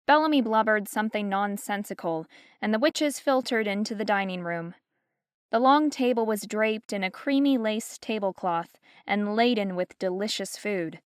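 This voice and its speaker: Smooth, dry-voiced woman narrator. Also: mid-range voice, no room sound. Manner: even, measured storytelling. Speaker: audiobook narrator. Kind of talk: scripted narration. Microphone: close studio mic.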